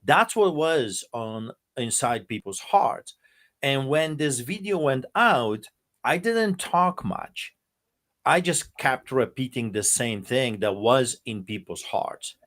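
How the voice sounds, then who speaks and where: An accented male pastor recounts events with real emphasis, his voice sitting at an ordinary middle pitch. He talks forcefully and leans on key words as he tells his story. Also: animated, takes it slowly. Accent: noticeable non-native English accent. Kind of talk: passionate storytelling.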